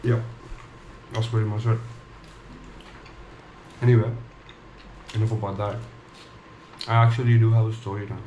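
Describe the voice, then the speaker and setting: Low, flat-voiced young man telling a story. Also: moderate pace, pauses often, lo-fi sound, a little hiss or hum. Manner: rambling, many "like" fillers, relaxed and candid. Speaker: vlogger. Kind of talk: casual storytelling. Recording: echoey room with clear background ambience.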